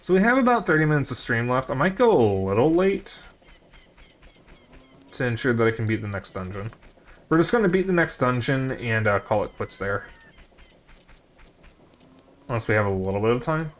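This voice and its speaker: A man's voice: mid-range voice, big pitch swings, moderate pace, long pauses. A man streaming a video game, chatting casually and jokingly to his viewers as he plays. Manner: rambling, jokey, talks to chat. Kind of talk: casual live-stream commentary.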